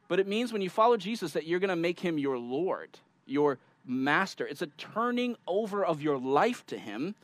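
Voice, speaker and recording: Male pastor, conversational sermon, fairly high voice with a lively pitch, reads scripture then unpacks it for the congregation. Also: rough recording. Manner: animated, conversational preaching with asides to the congregation.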